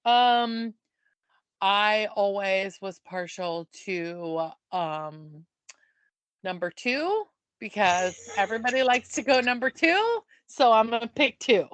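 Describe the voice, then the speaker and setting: A woman co-hosting a podcast in casual chat, playful and joking with quick asides. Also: medium pitch, animated, no room sound. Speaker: podcast co-host.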